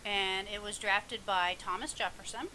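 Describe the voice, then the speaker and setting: A woman's voice: medium pitch, steady tone, moderate pace, heavy background noise. A woman chatting casually at home in a mukbang vlog, rambling with lots of ums and little laughs. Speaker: vlogger. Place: home, alone in the house. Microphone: mic in front of her.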